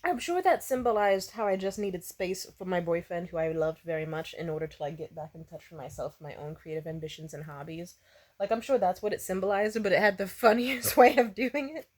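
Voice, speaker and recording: A woman vlogger tells a story casually, swearing freely, laughing often and saying "like" a lot. Her voice is fairly low, brisk and a little mellow.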